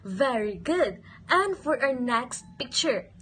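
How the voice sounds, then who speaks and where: A high-voiced woman teaching a phonics lesson to young children, speaking very slowly in a sing-song way. She keeps asking questions and repeating each word. Faint noise hums behind her. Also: lively intonation, pushed and bright.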